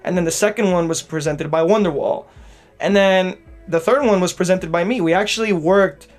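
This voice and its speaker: Male podcast co-host, slightly high voice, loose rambling chat over faint music. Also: moderate pace. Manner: rambling, restarts, says "right?" often. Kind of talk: casual chat.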